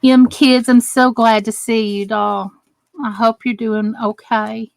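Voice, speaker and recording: A woman's voice: a little high, flat delivery, slow pace, creaky, a little mellow, no echo. Chatty woman hosting a live craft stream. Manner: chatty, greets viewers by name while working with her hands. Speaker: crafting channel host. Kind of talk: live crafting tutorial with viewer chat.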